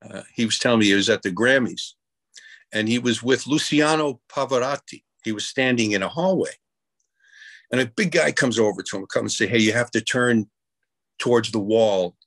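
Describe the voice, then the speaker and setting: A man's voice: medium pitch, lively intonation, fairly quick, creaky, fairly bright tone, no echo. A man from New York telling rambling anecdotes with many restarts in a casual interview. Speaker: guest musician.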